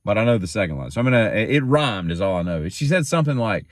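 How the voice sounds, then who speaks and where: Daily-show host, male, low voice with a lively swing, chatty joker who drifts between topics, dry close mic. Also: fast talker, no echo. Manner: joking, self-teasing, wanders off topic. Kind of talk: rambling casual storytelling.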